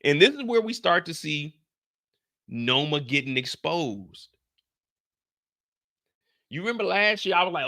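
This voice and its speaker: A man's voice: fairly high pitch, normal speed, long pauses. A man on a casual live stream, retelling a TV episode with slang and acted-out lines. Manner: animated storytelling, acts out characters' lines with slang and cursing.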